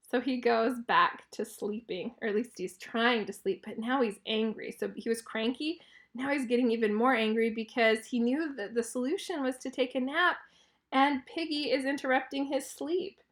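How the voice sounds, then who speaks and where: A woman teacher reading a picture book aloud to children, explaining clearly and encouragingly and asking questions. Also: sits high, fairly bright tone.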